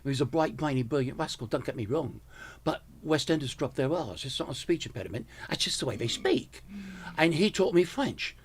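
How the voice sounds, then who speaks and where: A man's voice: fairly high pitch, fairly quick, breathy edge. An American man in his seventies, a comedian guest telling stories in a casual interview and slipping into impressions of people he knew. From United States. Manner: animated storyteller who slips into impressions.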